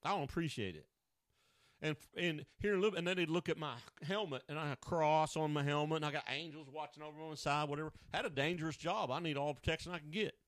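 A man's voice: on the high side, a bit bright, no room sound. A male pastor preaching a down-home radio sermon, telling stories in casual, colloquial speech. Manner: down-home storytelling, colloquial grammar.

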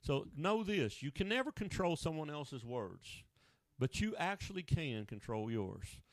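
A man's voice: fairly high pitch, sing-song, measured pace, dry recording. A male pastor preaching a down-home radio sermon, telling stories in casual, colloquial speech. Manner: down-home storytelling, colloquial grammar.

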